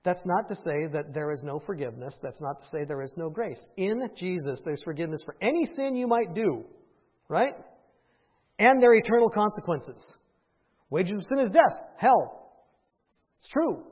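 A man's voice: high voice, lively intonation, normal speed, breathy edge, muffled recording. A man preaching a conversational sermon who keeps asking the congregation questions and tagging on "right?". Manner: conversational, asks the audience questions, often adds "right?". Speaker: pastor.

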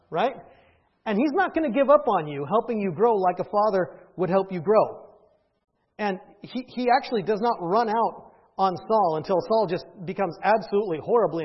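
Preaching in a conversational style, this pastor keeps questioning his congregation and adding "right?" to his lines. He has a high, slightly rough voice, captured with lo-fi sound.

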